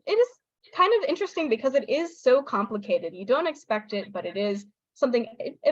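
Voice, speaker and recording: An American woman, a young adult, giving an online talk to English teachers, lively and acting out intonation patterns as she explains them. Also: no echo, dull audio. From United States. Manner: lively, demonstrates intonation with exaggerated pitch.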